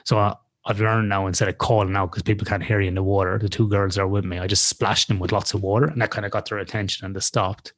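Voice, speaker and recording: Brief: man, low voice, loose profane storytelling for a podcast. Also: flat delivery, fast talker, hardly any pauses, a bit bright. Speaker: podcast co-host. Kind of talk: casual storytelling chat.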